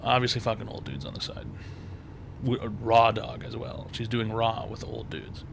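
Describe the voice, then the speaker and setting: A man's voice: medium pitch, normal speed, gravelly, a little hiss or hum. A man hosting a call-in advice show, blunt and crude, hammering points home by repeating himself.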